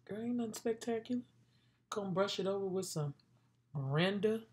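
A woman's voice: mid-range voice, expressive, moderate pace, dark tone, breathy edge. A woman vlogging her makeup routine in a playful, chatty way, talking straight to her viewers. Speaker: beauty vlogger. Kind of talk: casual makeup tutorial chat.

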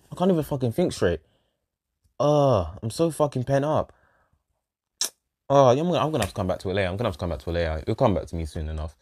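A man delivers a profane, exasperated rant reviewing a show, circling back to the same complaints. His voice is mellow and warm at an everyday middle pitch. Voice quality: exasperated, sweary, repetitive.

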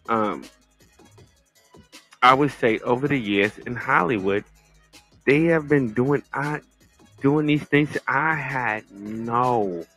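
Slow-talking bright-voiced male host. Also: mid-range voice, slightly rough. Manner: exclaiming, halting, repeats words. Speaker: podcast host. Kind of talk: casual commentary on news.

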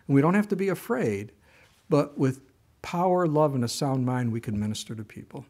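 A man's voice: mid-range voice, a little mellow, husky. An older man preaching a sermon in a conversational way, with frequent asides and restarts. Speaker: pastor.

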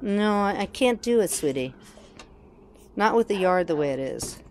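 A woman's voice: medium pitch, expressive, normal speed, darkish tone, a little hiss or hum. A woman outdoors on a deck, talking fondly to her dog in a casual home video, with asides to the camera. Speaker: dog owner filming her pet. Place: outdoors on a deck in icy weather.

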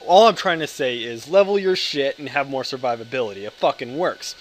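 A man's voice: medium pitch, brisk, few pauses. A man in his twenties with an American accent, hyper and joking, rambling with lots of swearing over his gameplay commentary. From United States. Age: 20s. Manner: hyper, joking, profane, self-interrupting. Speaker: gaming video creator.

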